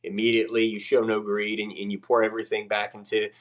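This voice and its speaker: Low-voiced male Navy chief, blunt and profane guest storyteller. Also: completely flat delivery, fast. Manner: blunt, profane, acts out quoted people in a much higher voice. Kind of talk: casual storytelling.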